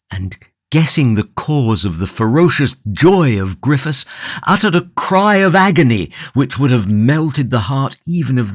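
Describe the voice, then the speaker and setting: A man narrating a classic novel audiobook in a measured, steady reading from a close studio mic. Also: medium pitch, no room sound. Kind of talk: scripted narration.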